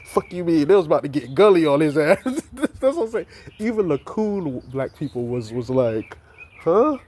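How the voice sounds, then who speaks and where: A man's voice: mid-range voice, warm tone, a little hiss or hum. A man giving an impassioned, profane monologue, repeating himself and stumbling over restarts. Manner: heated, repetitive, stammers and restarts. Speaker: vlogger.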